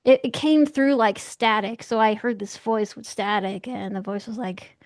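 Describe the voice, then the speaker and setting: A young woman, a guest in an interview, telling a story in an animated, excitable way and acting out the voices she quotes. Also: a little high, normal speed, dry recording, studio quality.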